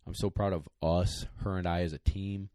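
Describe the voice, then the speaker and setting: A man with a very deep voice tells a long story in casual podcast chat, rambling and getting emotional. He sounds close to tears, his voice catching as he goes on. The sound is dry and close, with no room around it. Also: steady tone, moderate pace, warm tone, no echo. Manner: emotional, rambling, choked up at times. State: tearing up. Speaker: podcast co-host, dog trainer.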